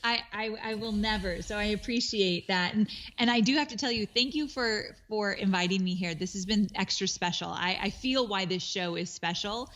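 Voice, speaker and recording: A woman's voice: medium pitch, normal speed, hardly any pauses, a bit bright. A woman who creates online courses, a guest on a podcast interview, speaking in an appreciative way.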